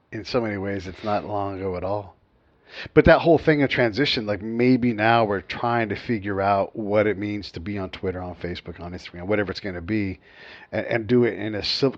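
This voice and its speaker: A man's voice: fairly low pitch, no echo, lo-fi sound. A man, a podcast co-host, talking earnestly and reflectively in casual chat. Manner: earnest, reflective, frequent "yeah" backchannels.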